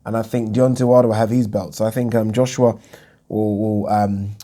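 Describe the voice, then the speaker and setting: Low, mellow-voiced man rambling casually. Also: level tone, normal speed. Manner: frank, rambling, heavy on ums. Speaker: boxing YouTube host. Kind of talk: casual Q&A chat.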